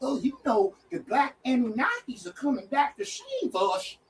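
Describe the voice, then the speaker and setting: High, loud, mocking reaction voice. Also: huge pitch swings, moderate pace, far from the mic. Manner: loud, mocking, breaks into song. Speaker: reaction commentator. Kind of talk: casual reaction chat.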